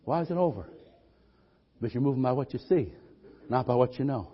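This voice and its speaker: A man's voice: mid-range voice, lively intonation, fairly quick, husky, highs cut off. A man preaching a sermon in a church, fervent and calling for amens from the congregation. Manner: fervent, call-and-response.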